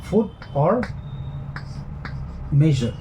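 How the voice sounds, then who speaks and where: Measured man lecturing on verse. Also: fairly high pitch, sing-song, noisy background. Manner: measured, repeats and rephrases points. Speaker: English literature lecturer. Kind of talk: classroom lecture.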